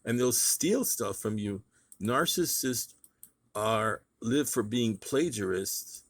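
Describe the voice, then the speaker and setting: Emphatic ranting man, mid-pitched. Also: animated, slow, no room sound. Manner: emphatic, ranting, repeats points. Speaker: vlogger. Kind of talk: casual monologue.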